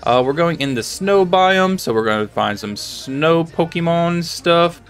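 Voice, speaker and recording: A man's voice: a little high, animated, unhurried, clear, resonant tone, soft background music. A man casually commentating his own gameplay as a channel host, rambling and chatty, with lots of filler words and restarts. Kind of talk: casual let's-play commentary.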